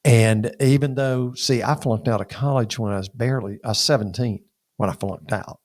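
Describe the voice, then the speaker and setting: A man, a pastor telling a personal story in an interview, animated and acting out the dialogue. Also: medium pitch, moderate pace, no room sound, studio quality. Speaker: pastor and podcast guest.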